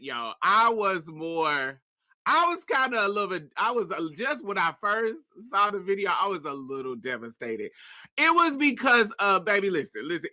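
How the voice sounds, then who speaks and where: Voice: mid-range voice, pushed and bright, dry recording. A panel host gossiping in casual chat, sassy and laughing often.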